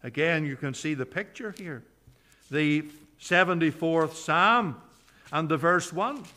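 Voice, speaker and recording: A man preaching a sermon in a church. His voice sits high and sounds bright and forceful. He speaks slowly and earnestly, sinking low and soft whenever he quotes scripture. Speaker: pastor.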